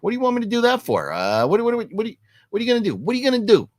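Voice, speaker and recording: A man putting on an exasperated wiseguy voice, pitched up high and repeating the same phrase. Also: wildly swooping pitch, racing, no echo. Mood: mock exasperated. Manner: repetitive, high-pitched shtick.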